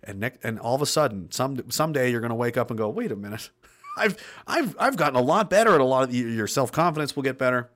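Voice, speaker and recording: A man's voice: mid-range voice, lively intonation, rapid-fire, few pauses, a bit bright. A man hosting a livestream, reading out chat comments and ranting bluntly with lots of swearing and laughs between points. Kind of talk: casual ranting livestream talk.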